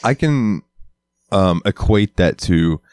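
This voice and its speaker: Young man, deep low voice, podcast co-host, casual swearing chat, animated storyteller, headset mic, dry close sound. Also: slow pace, clear, resonant tone, no room sound.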